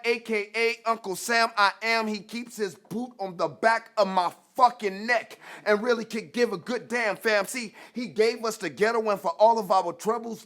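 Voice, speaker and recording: A man performing spoken word poetry in a rhythmic, defiant delivery that swings from soft to shouted. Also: high-pitched. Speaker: performance poet.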